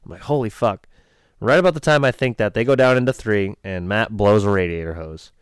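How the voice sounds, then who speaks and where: A man's voice: lowish voice, fast, smooth, dry recording, studio quality. Man rambling through a profane race story. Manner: rambling, profane, animated retelling. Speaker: race crew member telling a story. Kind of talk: casual storytelling podcast chat.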